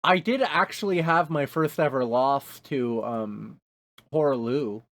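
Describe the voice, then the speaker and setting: A male podcast co-host chatting casually about video games. His voice sits at an ordinary middle pitch. He rambles through stories, restarts his sentences often and swears freely. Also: a little slow, a bit bright. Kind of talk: casual chat.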